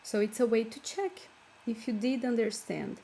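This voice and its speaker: A woman's voice: fairly high pitch, lively intonation, normal speed, vocal fry, mellow, slight background noise. A woman with a Brazilian Portuguese accent, a native Portuguese speaker, patiently explaining words step by step in an online language lesson. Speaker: language teacher.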